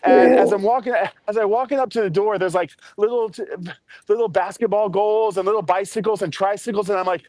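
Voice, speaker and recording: A high-voiced man tells a story in a lively, casual way and swears freely. The recording is close and bone dry. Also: no echo, low-quality recording. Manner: animated, profane, quick asides. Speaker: storyteller on a live stream.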